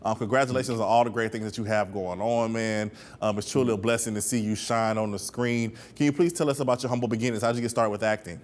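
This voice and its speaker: A man's voice: lowish voice, steady tone, fast, hardly any pauses. A man hosting a casual interview, asking his guest questions politely. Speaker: interviewer host.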